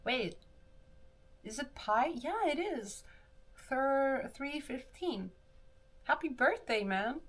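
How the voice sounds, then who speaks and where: Slow-talking woman streamer chatting. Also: high-pitched, expressive, fairly bright tone. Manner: chatty, reads and answers chat while doing her hair; rambling, with restarts. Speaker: livestreamer. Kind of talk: casual chat with viewers.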